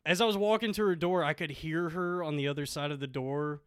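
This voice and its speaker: Bright, halting man telling a story. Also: fairly high pitch, clean tone, no room sound, studio quality. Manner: halting, deadpan delivery with many fillers. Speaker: comedy podcast regular telling a story. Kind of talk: casual storytelling chat.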